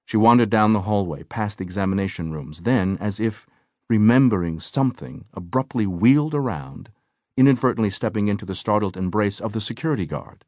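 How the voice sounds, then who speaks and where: A man narrating an audiobook in a measured, even manner. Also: fairly low pitch, no room sound, studio quality. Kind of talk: scripted narration.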